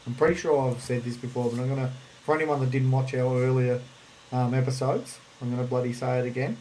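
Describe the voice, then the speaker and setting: A man's voice: medium pitch, flat delivery, fast talker, darkish tone, a little hiss or hum, poor audio. Brief: Australian male podcast host, loose rambling yarn-spinner, mid-range voice, heavy swearing. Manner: rambling, swears freely, lots of fillers. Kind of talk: casual storytelling on a livestream.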